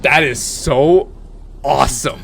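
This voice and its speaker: A man's voice: mid-range voice, takes it slowly, gravelly, a bit bright, slight background noise. A man hosting a reaction video, chatting casually and wondering aloud as he talks. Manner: rambling, self-questioning, chatty.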